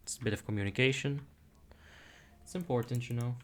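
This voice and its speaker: A man's voice: mid-range voice, brisk, background noise. Young guy streaming a raid, chatty, talks to himself, medium voice, keyboard clicks faint behind. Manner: chatty, self-deprecating, muttering asides. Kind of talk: casual gameplay commentary.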